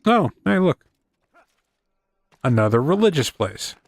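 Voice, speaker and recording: A man's voice: on the high side, sing-song, measured pace, no echo, studio quality. A man casually commenting as he plays a video game, rambling and cracking self-deprecating quips. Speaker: gaming video host.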